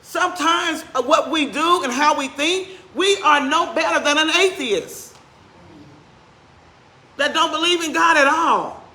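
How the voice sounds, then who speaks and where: A woman pastor preaching in a church sanctuary, her voice bright and sharp. Her delivery is conversational and animated, and she speeds up and slows down for emphasis. The room gives a roomy, echoing sound. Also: high-pitched. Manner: conversational preaching, questions to the congregation. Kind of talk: sermon.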